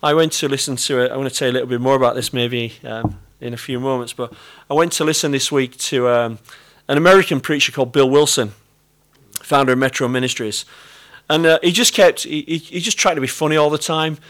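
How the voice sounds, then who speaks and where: A man's voice: medium pitch, a little fast, a bit bright. A middle-aged British man with a British accent, preaching a sermon in an earnest, conversational way and repeating key phrases. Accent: British English. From Britain.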